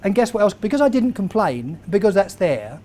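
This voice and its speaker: A man, giving a lively motivational talk to a live audience and quizzing the crowd as he tells stories. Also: high voice, brisk, a little hiss or hum. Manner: animated storyteller, quizzes the crowd. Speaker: keynote speaker.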